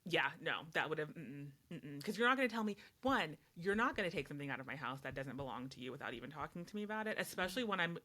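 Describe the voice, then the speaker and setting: A woman co-hosting a podcast, blunt and lively as she tells her stories. Her voice sits on the lower side but sounds bright and forceful. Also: fast, few pauses. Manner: blunt, fired-up storyteller. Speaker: podcast co-host. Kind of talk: casual chat.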